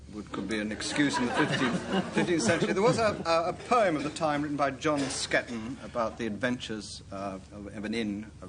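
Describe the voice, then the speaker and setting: A man's voice: mid-range voice, a bit bright, a little hiss or hum. A man on a word game panel giving a definition in a mock-earnest, jokey way.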